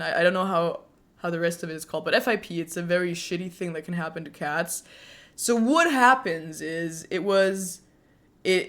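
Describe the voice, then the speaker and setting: A woman in her twenties chatting casually with her viewers as a streamer, talking warmly and laughing often. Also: on the low side. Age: 20s. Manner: chatty, frequent laughs, speaks warmly to chat.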